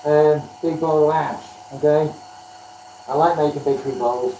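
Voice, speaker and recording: A man's voice: fairly high pitch, fairly even intonation, a little slow, darkish tone, a little hiss or hum. Man, casual live-stream chat, self-deprecating, echoey home workshop, mic at a distance. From Wales. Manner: chatty, self-deprecating, thanks viewers by name. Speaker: woodturning livestreamer.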